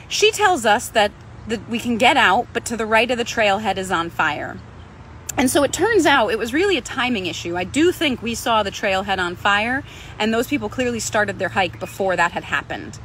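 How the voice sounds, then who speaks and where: Pilates instructor, woman, higher register, conversational storyteller who voices the people in her story. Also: animated, moderate pace, a bit bright, a little hiss or hum. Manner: conversational, acts out other people's lines. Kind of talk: personal storytelling.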